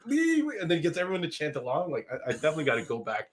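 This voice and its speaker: A man's voice: fairly high pitch, animated, very fast, a crowd in the background. Rambling podcast co-host man. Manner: rambling, many restarts and fillers. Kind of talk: casual movie chat.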